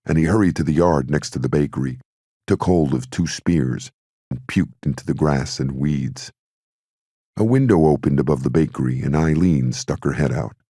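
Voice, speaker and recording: A man narrating an audiobook in a steady, measured way. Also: rumbling low, breathy edge, no room sound, clean studio sound. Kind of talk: scripted narration.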